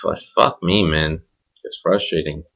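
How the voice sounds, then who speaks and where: A man's voice: rumbling low, steady tone, unhurried, fairly bright tone. A man hosting his own podcast, talking off the cuff in a blunt, profane, rambling solo rant. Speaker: podcast host. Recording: dull lo-fi home recording.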